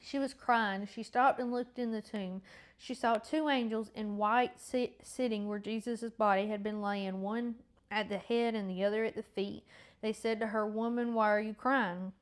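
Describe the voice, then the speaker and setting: A woman's voice: mid-range voice, steady tone, normal speed. A woman hosting a faith podcast who chats in a rambling, self-correcting way and sounds a bit congested. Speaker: podcast host. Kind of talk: casual faith chat and Bible reading.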